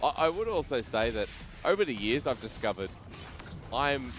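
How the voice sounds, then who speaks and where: Australian man casting with lively pitch. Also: moderate pace, music in the background. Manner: chatty, laughs often, jokey tangents. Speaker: esports caster. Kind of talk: casual banter between casters.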